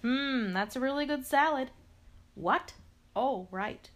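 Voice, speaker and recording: A woman's voice: fairly high pitch, unhurried, a little hiss or hum. A woman reading a picture book aloud, talking playfully to the character and adding sound effects. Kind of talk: expressive read-aloud to a character.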